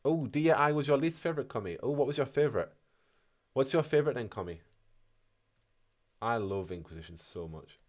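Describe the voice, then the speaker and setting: A man's voice: medium pitch, lively intonation, brisk, pauses often, a little mellow. A man with a Yorkshire accent chatting casually while streaming a game and reading chat aloud. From North Yorkshire, England. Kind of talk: casual gaming commentary.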